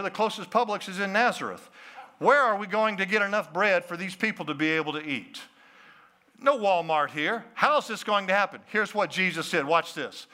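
Pastor, lively preaching with asides to the crowd, bright voice. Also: male voice, sits high. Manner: animated, talks to the crowd with questions and asides. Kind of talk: sermon.

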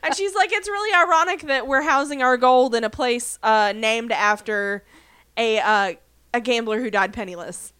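A woman co-hosts a podcast in relaxed chat and retells a TV episode beat by beat, slipping into playful voices for the characters. Her voice sits a little high and sounds smooth and clean. The sound is dry and close. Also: moderate pace, dry recording. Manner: chatty storyteller, quotes characters in playful voices, laughs often. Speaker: podcast co-host. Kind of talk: casual chat recapping a TV episode.

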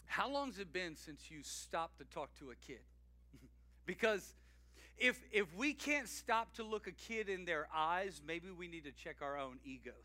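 Male pastor in his forties, high and very bright voice, energetic conversational sermon delivery. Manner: energetic, conversational, laughs often, shouts greetings.

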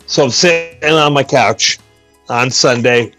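A man's voice: medium pitch, a little slow, pushed and bright, no room sound, faint music behind. A man co-hosting a sports podcast, telling a story with self-mocking humor and frequent laughs. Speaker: podcast co-host. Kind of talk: casual sports chat. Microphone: remote call mic.

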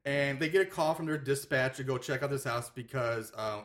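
A man hosting a casual chat, retelling a film's plot as an animated storyteller who laughs often. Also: mid-range voice, normal speed. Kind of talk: casual movie recap chat.

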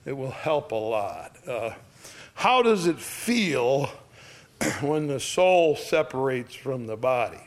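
An older man speaking plainly and gently, telling stories about death and dying with many pauses. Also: mid-range voice, sing-song. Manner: folksy, plain-spoken, gentle with frequent pauses. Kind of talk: casual storytelling talk.

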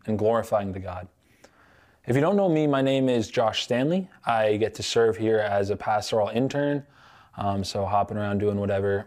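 A man's voice: fairly low pitch, a little mellow. Young man preaching a casual sermon. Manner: conversational, self-deprecating storytelling. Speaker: pastoral intern.

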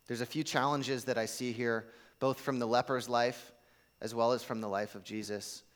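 A man's voice: mid-range voice, steady tone, normal speed. A man preaching a sermon in a casual, conversational way, acting out the quotes he tells. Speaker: pastor.

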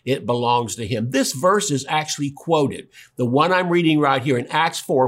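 A man preaching a sermon in an animated way, acting out voices in his retelling. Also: a little high. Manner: animated, acts out quoted dialogue.

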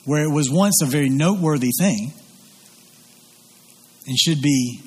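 A male pastor preaches in a high, slightly husky voice, earnest and emphatic as he circles back over his phrases. His words ring out with the long reverb of a large church hall. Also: a little slow. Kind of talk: sermon.

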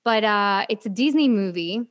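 A woman from Mexico, an actress, chatting casually from a home studio, animated and full of filler words. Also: mid-range voice, moderate pace. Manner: animated, lots of "like", acts out quotes. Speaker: actress, podcast guest. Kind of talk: casual chat. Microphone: home studio mic, video call.

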